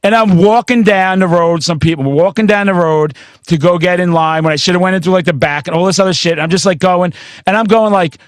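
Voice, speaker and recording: A man in his forties hosting a casual metal chat, loud and intense, telling excitable stories with plenty of swearing. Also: high-pitched, brisk, no echo, studio quality. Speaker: podcast host.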